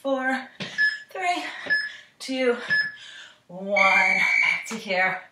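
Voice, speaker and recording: A young woman instructing cardio exercises along with the class, slightly out of breath, offering encouragement and counting down the reps. She has a mid-range voice with lively intonation and drawn-out words. The recording is very noisy, captured from far off on a camera mic in an echoey room.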